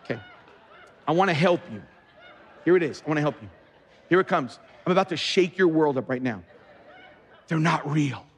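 A man's voice: fairly high pitch, lively intonation, brisk, long pauses, slight background noise. A man preaching a sermon as pastor in a large church, emphatic and often repeating words as he starts sentences. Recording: long reverb of a large hall.

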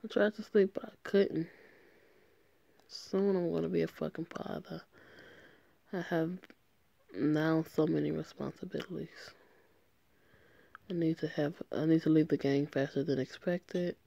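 A woman's voice: deep voice, fairly even intonation, unhurried, gravelly, long pauses, dark tone, dry recording, dull audio, heavily acted. A woman reading as a remorseful young gang member. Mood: earnest. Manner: earnest, emotional read-aloud. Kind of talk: reading a story game aloud.

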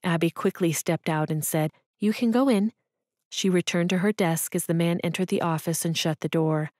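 A woman narrating an audiobook in a calm, even storytelling manner. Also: fairly low pitch, brisk, no echo, clean studio sound. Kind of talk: scripted narration.

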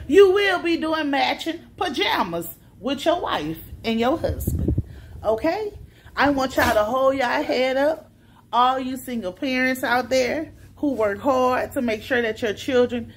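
Woman with a high voice, slow and preachy, blessing folks at home. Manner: upbeat, preachy blessing to viewers. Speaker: vlogger, single mother. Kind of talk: casual family holiday vlog.

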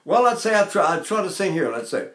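A man's voice: high voice, very animated, fast talker, a bit bright, echoey room. An older man teaching vocal technique, asking rhetorical questions and breaking into short sung vowels to demonstrate.

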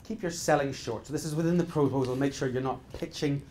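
A man's voice: medium pitch, quick pace, a little mellow. Brief: male business trainer, middle-aged, mid-range voice, punchy repetitive delivery, faint background hiss. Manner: emphatic, repetitive exhortations with frequent restarts. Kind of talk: live seminar talk.

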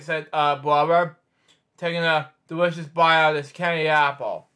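A man with a bright, slightly high voice reads a bedtime picture book aloud. He stumbles, restarts words and wanders off into chatty asides between pages. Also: level tone, moderate pace. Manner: rambling, stumbling, many restarts and side comments. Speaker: storyteller host.

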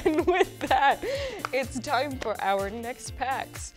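A woman's voice: sits high, lively intonation, takes it slowly, faint music behind. A young woman hosting a student show, bubbly and giggly between segments. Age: young adult. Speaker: show host. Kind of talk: casual studio hosting.

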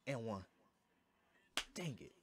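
Guy yelling and muttering over his basketball game, super animated, slow drawl. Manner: hyped, shouting bursts between low muttering. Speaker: gaming streamer. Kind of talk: excited live commentary over gameplay.

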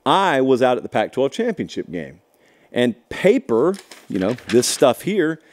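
A middle-aged man hosting a college football show, giving an animated, emphatic solo analysis with sarcastic asides. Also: medium pitch. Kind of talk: solo sports analysis talk.

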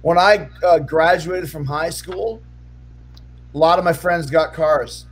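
A man's voice: fairly high pitch, steady tone, takes it slowly. A middle-aged man co-hosting a podcast, chatting casually and teasing his friends with jokes. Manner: teasing, joking, laughs often. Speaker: podcast co-host. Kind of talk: casual chat.

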